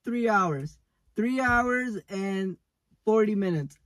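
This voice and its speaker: A man's voice: sits high, expressive, takes it slowly, fairly bright tone, dry recording. A young man vlogging on a road trip from his car, rambling and nervous, poking fun at himself. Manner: rambling, nervous, self-mocking. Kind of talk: casual road-trip vlog. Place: inside a car.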